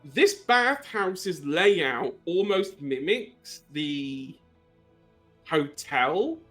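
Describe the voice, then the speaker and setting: Slow bright-voiced man as game master. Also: a little high, very animated, soft background music. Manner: slow, halting, many fillers. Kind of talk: narrating a tabletop horror game.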